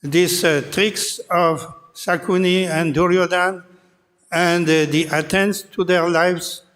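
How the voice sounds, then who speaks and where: High-voiced man lecturing in a hall. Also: steady tone, takes it slowly, fairly bright tone. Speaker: preacher giving a scripture class. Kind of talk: scripture lecture retelling an epic. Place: temple hall. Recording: long hall reverb.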